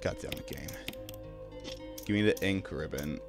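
A young Irish man streaming a video game, chatting casually with his viewers between drawn-out ums. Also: extremely low pitch, music in the background. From Ireland. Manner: laid-back, drawn-out ums, greets chat. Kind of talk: casual live-stream chat while gaming.

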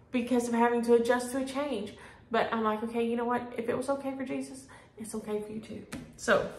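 A woman's voice: on the high side, fairly bright tone. Chatty woman in an echoey room. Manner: homey, chatty, uses y'all. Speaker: flosstube host. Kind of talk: casual chat to camera.

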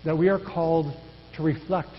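A male pastor preaching a sermon in an earnest, measured way, his phrases often trailing off softly. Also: fairly high pitch, steady tone, slight background noise. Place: church sanctuary. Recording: dull echoey church hall.

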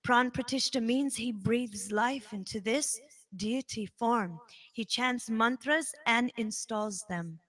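A woman giving a spiritual talk at a devotional center, telling a personal story in an emphatic, animated way. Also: on the high side, slow. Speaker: devotional speaker.

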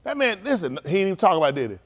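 A middle-aged male pastor preaching loudly in a joking, colloquial way, laughing often and drawing responses from the congregation. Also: high voice, big pitch swings, rapid-fire. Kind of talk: animated sermon with joking asides.

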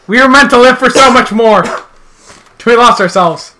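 High bright-voiced excitable gamer guy. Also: moderate pace, soft background music. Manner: excitable, jokey trash talk. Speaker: video game player. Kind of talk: casual gameplay commentary.

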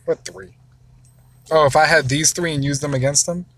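A father giving gameplay commentary, excitable, wailing and shouting whenever a battle goes badly. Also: on the high side, normal speed, creaky. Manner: excitable, wails and shouts over losses. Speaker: father, mobile gamer.

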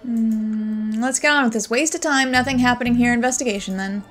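A slacker cop sidekick from a point-and-click game voiced by a woman, offhand and unbothered, brushing off work with lazy jokes. The voice is high, and soft music plays underneath. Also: brisk, close to an everyday voice. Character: lazy, dim male police sidekick.

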